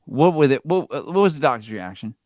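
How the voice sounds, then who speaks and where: Male host, lively pitch, short prompting questions, dry close sound. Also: a little fast, no echo, muffled recording. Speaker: podcast host. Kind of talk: interview questions.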